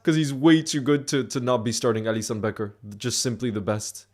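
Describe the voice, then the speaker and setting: A man hosting a live football watchalong stream, talking in a loose, chatty way. He rambles, trips over words and restarts often, at a mid-range pitch. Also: brisk.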